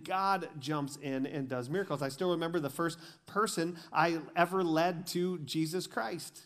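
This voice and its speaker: Pastor, male, from Michigan, sermon delivery, slightly high voice, animated storyteller. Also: normal speed, few pauses. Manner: storytelling, acts out dialogue, builds to emphatic peaks then quiet intensity.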